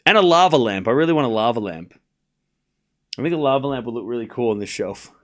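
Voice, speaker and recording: Here the young male host of a live tennis watchalong has a medium-pitched, lively voice, a quick pace and a fairly bright tone. His casual commentary mixes score updates with chat replies delivered in jokey mock outrage.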